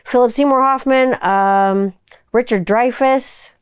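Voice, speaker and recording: A woman's voice: on the high side, slow pace, clean tone, no echo, studio quality. Chatty, rambling woman podcast host. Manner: rambling and chatty, heavy use of "like"; playful, hums a silly tune while thinking. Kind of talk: casual solo podcast chat.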